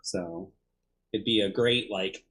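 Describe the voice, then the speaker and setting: A man's voice: on the low side, slow. A man co-hosting a livestream, chatting casually about ideas for a new show with loose fillers and laughs. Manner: relaxed, musing, with fillers and laughs. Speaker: comedy theater co-host. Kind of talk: casual planning chat on a livestream.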